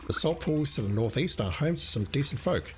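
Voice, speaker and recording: A man's voice: medium pitch, animated, a little fast, noisy background, voice pushed up, close to an everyday voice. A man voicing an exasperated cartographer in a game, reading the lines in a curt, condescending manner.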